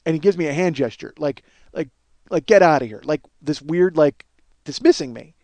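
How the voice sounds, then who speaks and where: A man in his forties hosting a podcast and telling a comic story, profane and self-mocking, and he gets loud and worked up. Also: a little high, normal speed, dry recording. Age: 40s. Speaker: podcast host.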